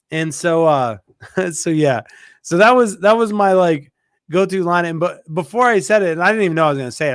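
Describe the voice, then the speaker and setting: A man hosting a casual livestream chat, animated and laughing at his own stories, stuffy with allergies. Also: sits high, no echo, studio quality. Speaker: aquarium shop host.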